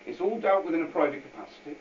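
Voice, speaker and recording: A guest speaker with a fairly high, expressive voice talks very fast at a public meeting, unscripted and informal. His talk wanders, doubles back on itself and fills up with asides. Captured in a meeting hall with an audience, the sound is distant, echoey and dull, with a faint hiss.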